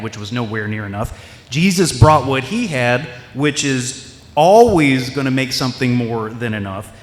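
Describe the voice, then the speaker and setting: A man preaching a sermon as pastor, in a loose, conversational way, acting out quoted voices and restarting his sentences often. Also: medium pitch. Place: church sanctuary. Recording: echoey hall with long reverb.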